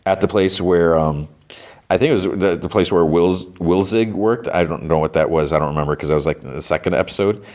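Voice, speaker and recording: Sounding like an easygoing podcaster, a man with a very low voice retells a TV episode one scene at a time. His delivery stays loose, with frequent "he's like" asides and fast restarts.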